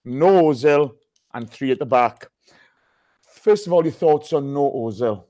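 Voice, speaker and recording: A man hosting a live podcast stream, loud and excitable, swearing freely and reading out chat names over a video call. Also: mid-range voice, measured pace. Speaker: podcast host.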